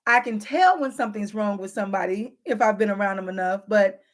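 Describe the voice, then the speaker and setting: A woman's voice: mid-range voice, brisk. A woman talking straight to her viewers in a casual advice vlog, frank and teasing, acting out both sides of everyday arguments. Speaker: relationship advice vlogger.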